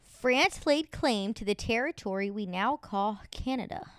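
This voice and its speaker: A woman's voice: on the high side, animated, measured pace, clear, resonant tone, no room sound, studio quality. A young woman hosting a casual podcast chat, giggling as she reads search results aloud. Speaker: podcast host.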